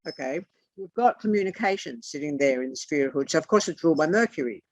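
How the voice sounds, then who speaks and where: A tarot teacher lectures in a loose, wandering way, swearing offhandedly and letting some phrases sink into low mutters. The voice sits at a middling pitch. The recording is muffled and lo-fi, with no room echo at all. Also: expressive, fast. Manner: swears casually and drifts into muttered asides. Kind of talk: rambling esoteric lecture. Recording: dull lo-fi dry recording.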